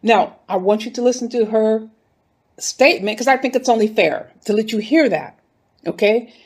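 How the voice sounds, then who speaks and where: Fairly high-pitched and husky, this woman speaks at a normal speed. She's a YouTube commentator from North Philadelphia, giving heated, indignant commentary directly to viewers in a casual video.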